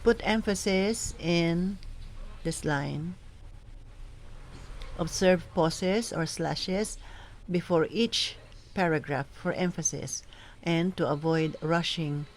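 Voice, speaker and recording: Lady teaching how to read at mass, slow careful enunciation, kinda low voice. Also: a little hiss or hum, rough recording. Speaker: reading coach. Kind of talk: instructional talk on proclaiming scripture.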